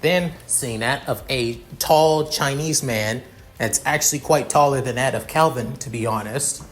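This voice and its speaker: A man's voice: medium pitch, a little slow. A man improvising a fan fiction narration, rambling with many restarts.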